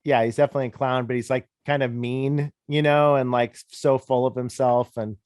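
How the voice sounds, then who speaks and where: A man in his thirties, a disc golf commentator, telling stories in a relaxed, rambling, self-deprecating way during a casual interview. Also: mid-range voice, a little fast, clean tone, dry recording, clean studio sound. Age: 30s.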